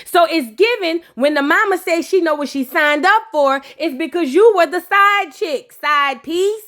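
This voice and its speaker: A woman's voice: very high voice, unhurried, bright, forceful tone. A woman giving a sassy, playful comedic recap of a reality show. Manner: sassy, playful, switches into character voices. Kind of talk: comedic recap with acted-out quotes.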